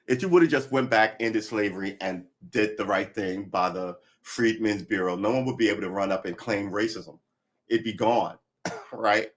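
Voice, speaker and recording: A gruff man with a lowish voice rambles through a live-stream chat. He thinks out loud, drifts from topic to topic and swears freely. His tone is blunt and offhand, like he's talking to himself as much as to viewers. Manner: rambling, profane, thinks aloud and talks to himself. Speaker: livestreamer practicing guitar.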